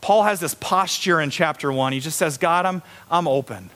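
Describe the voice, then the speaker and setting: A middle-aged male pastor preaching a sermon, animated, acting out little voices of the people in his stories. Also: fairly high pitch, moderate pace. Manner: animated, acts out voices of kids and students.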